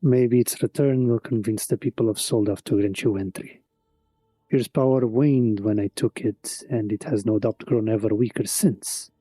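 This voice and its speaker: A man's voice: lowish voice, moderate pace, warm tone, husky, no room sound. A man voicing the ghost of a fallen chieftain, speaking formally with a put-on accent. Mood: solemn. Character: ghost of a fallen male chieftain, solemn and regretful.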